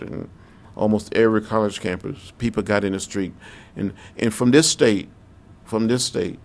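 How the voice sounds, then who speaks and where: An older man, a congressman, recounting history in a slow, measured interview with repeated phrases. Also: on the low side, creaky, darkish tone.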